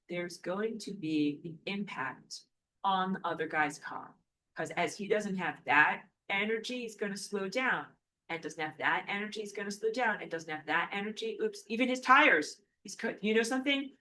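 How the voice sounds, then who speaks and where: A woman with a bright, forward voice teaches at a whiteboard in a loose, conversational way. She sketches as she talks, jokes, thinks aloud and corrects herself mid-sentence. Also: mid-range voice, expressive, moderate pace. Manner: chatty and playful, thinks aloud, self-corrects. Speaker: spiritual teacher. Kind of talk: casual whiteboard lecture while drawing.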